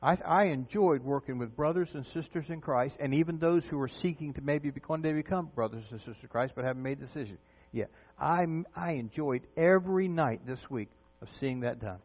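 Male pastor, middle-aged, chatty sermon style, narrow phone-like sound with a low hum. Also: fairly quick. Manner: conversational preaching with questions to the congregation.

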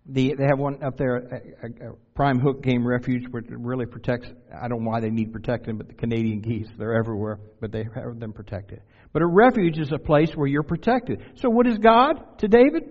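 A man's voice: mid-range voice, a little mellow, long reverb tail, highs cut off. A man from Delaware preaching a sermon in a conversational way, putting questions to his listeners and adding self-deprecating humor. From Delaware, USA.

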